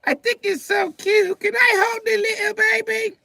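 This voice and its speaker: A man voicing an excited five-year-old British girl who squeals and keeps repeating herself. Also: very high voice, moderate pace, vocal fry, no room sound, voice pushed up, full character voice. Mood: squealing, excited. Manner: squealing, repeats itself over and over.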